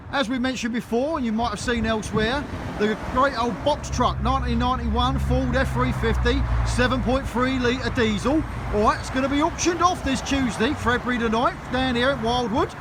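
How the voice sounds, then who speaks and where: A man's voice: extremely high pitch, noisy background. A middle-aged man from London with a Cockney accent, chatting jokily as he walks through an auction preview and keeps tagging "right?" onto his sentences. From London, England. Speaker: auctioneer giving a preview tour. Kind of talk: casual walk-through chat. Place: auction building, walking indoors.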